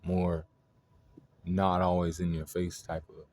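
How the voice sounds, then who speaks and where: A man's voice: deep voice, completely flat delivery, slow pace, a little mellow. A man hosting an astrology video, talking in a loose, rambling way, full of fillers and swearing. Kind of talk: casual spoken monologue.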